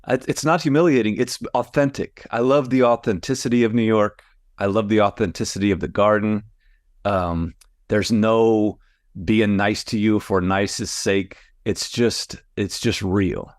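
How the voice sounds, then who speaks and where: Man, low voice, wry and jokey, casual podcast chat, dry sound. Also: fairly even intonation, a little slow, dry recording. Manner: joking, wry, laughs while talking. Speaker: sports columnist, podcast co-host.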